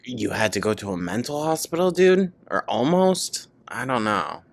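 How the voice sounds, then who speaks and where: A man hosting a reaction commentary, cutting in with quick mocking, sarcastic asides. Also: mid-range voice, very animated, vocal fry, dry recording. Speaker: commentary host.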